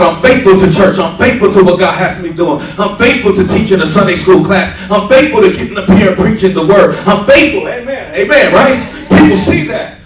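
A man's voice: high-pitched, reverberant, distant mic, low-quality recording. A man preaching a sermon and telling his testimony, with conversational asides, often checking in with "right?". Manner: call-and-response asides, repeats "right?". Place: church sanctuary.

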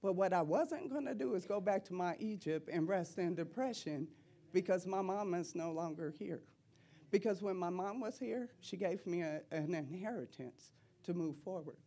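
A middle-aged woman giving an impassioned preaching testimony in church, repeating phrases and rising to loud cries. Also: lowish voice, animated, moderate pace.

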